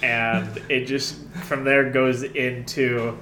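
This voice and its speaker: A man's voice: mid-range voice, little pitch movement, takes it slowly, pushed and bright, reverberant, a little hiss or hum. A young man recapping a web series he made, rambling with many fillers and laughs, in a casual chat.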